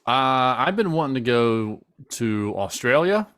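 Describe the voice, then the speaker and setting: Easygoing man, mid-pitched dry voice. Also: very animated, measured pace, fairly bright tone, clear, resonant tone, no room sound. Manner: easygoing, agreeable, laughs often. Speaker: podcast co-host. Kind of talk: casual chat.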